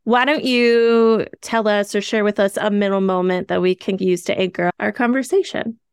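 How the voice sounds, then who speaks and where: A woman's voice: mid-range voice, fairly even intonation, normal speed, clean tone, dry recording. A woman hosting a podcast interview in an upbeat, friendly way. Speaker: podcast host.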